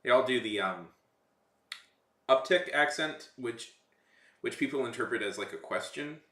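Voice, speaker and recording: Lively-voiced man chatting on a stream. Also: mid-range voice, measured pace, reverberant. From Texas. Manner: rambling, jokey, chatty. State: slightly sick. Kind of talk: casual chat on a livestream.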